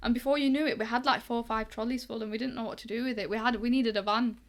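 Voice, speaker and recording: Chatty young Englishwoman, slightly high. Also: racing. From England. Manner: chatty, lively, acts out quoted dialogue. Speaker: guest, boxing coach. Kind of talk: casual storytelling interview.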